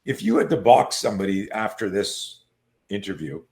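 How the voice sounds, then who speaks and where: Animated male storyteller in an interview. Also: on the low side, normal speed, vocal fry. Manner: animated storyteller who acts out quoted voices; frequent fillers and restarts. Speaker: self-defense coach and guest.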